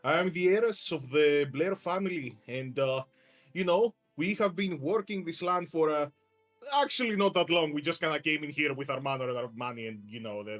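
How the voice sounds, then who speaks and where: A man's voice: fairly high pitch, fairly bright tone, lightly acted. A man voicing a smug, self-serving young woman heiress who brushes things off in a breezy, dismissive way.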